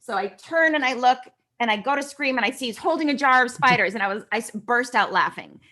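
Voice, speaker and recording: A bright, chatty middle-aged woman from California tells stories as an interview guest. She talks in a lively, animated way and acts out what people said. Her voice sits a little high and rings clear. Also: fast. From California, USA. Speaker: guest actress. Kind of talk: casual interview storytelling.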